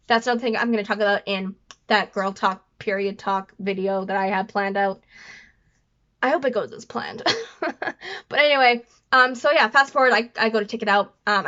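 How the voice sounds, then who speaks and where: A woman's voice: medium pitch, sharp tone. A woman vlogger telling a personal story to camera in a rambling, apologetic way, often stuttering and restarting. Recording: dull lo-fi recording.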